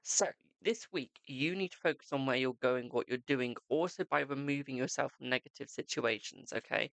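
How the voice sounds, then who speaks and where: A man's voice: medium pitch, normal speed, vocal fry, fairly bright tone, no room sound. A man streaming live, reading tarot cards and chatting with viewers, calling them "my darling". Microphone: desk microphone.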